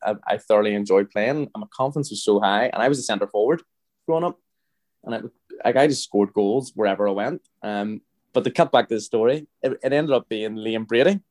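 A Northern Irish man in his thirties, appearing as a podcast guest, tells a long, rambling story and acts out what the other people said. His voice sits fairly low with a darkish tone, and he talks fairly quickly. The chat is casual, full of restarts and quoted dialogue.

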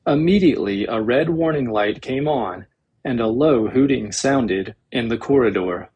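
A man reading a novel aloud as an audiobook narrator, in a measured, dramatic storytelling manner with a husky voice. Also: mid-range voice, a little mellow, highs cut off.

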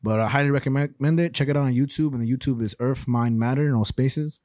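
A man's voice: medium pitch, brisk, a little mellow, no room sound. A young man co-hosting a podcast in casual chat, rambling through stories with lots of swearing and laughter. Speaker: podcast co-host.

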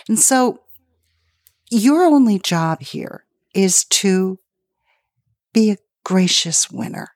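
A woman co-hosting a casual political talk show who tells personal stories in an animated way, laughing easily. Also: mid-range voice, slow pace, pauses often, no echo, clean studio sound. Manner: animated storytelling, acts out quotes. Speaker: podcast co-host.

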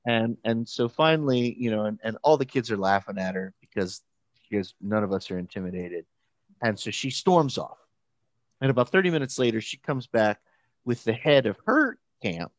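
A man, a pastor and camp counselor, telling a story in casual chat, animated and halting, with many restarts and quoted voices. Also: lowish voice, no room sound, highs cut off.

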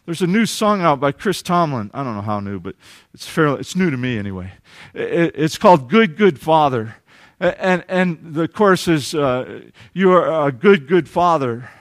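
A man preaching a sermon as pastor, earnest, moving from lively passages to hushed, tender ones. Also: a little high, moderate pace, no room sound, clean studio sound.

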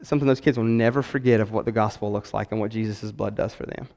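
A man, preaching a sermon in an animated way, repeating words and acting out quotes. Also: lowish voice, quick pace. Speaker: pastor. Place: church sanctuary. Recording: long hall reverb.

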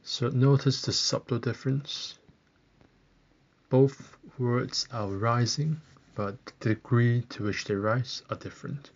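Podcast language tutor, male, from Britain; unhurried, deliberate, leaves long gaps for repetition, slightly muffled audio. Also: mid-range voice. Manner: spells out each word slowly, with long pauses for the listener to repeat. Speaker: language teacher. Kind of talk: slow, deliberate language lesson.

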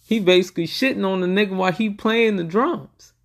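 Excitable, gravelly young man reacting. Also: high voice, a little fast. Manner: excitable, profane, retells scenes in quoted bursts. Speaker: reaction video host. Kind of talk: casual reaction commentary.

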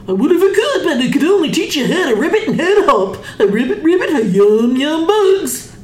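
A woman's voice: high voice, sing-song, moderate pace, slight background noise. A woman voicing friendly storybook farm animals in a cheerful, singsong and playful way. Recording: echoey room.

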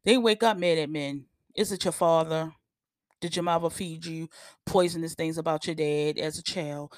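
Woman, blunt profane rant, animated, dry close sound. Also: lowish voice, normal speed, no echo. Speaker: podcast host. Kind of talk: casual opinion rant.

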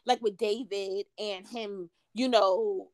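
A woman's voice: medium pitch, steady tone, slow pace, no echo, clean studio sound. A young woman, an author being interviewed, speaking earnestly as she searches for her words in a casual podcast conversation. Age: young adult. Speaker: author guest.

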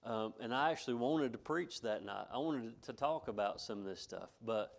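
A man's voice: mid-range voice, animated, normal speed, gravelly. A middle-aged pastor, preaching a folksy sermon to his congregation, repeating himself and chuckling between points.

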